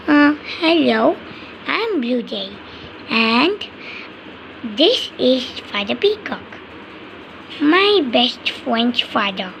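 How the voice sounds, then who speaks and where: A woman's voice: high-pitched, big pitch swings, very slow, creaky, long pauses, fairly bright tone, slight background noise, exaggerated voice, rough recording. A woman voicing a cheerful young blue jay bird in a chirpy way. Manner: chirpy, introduces friends.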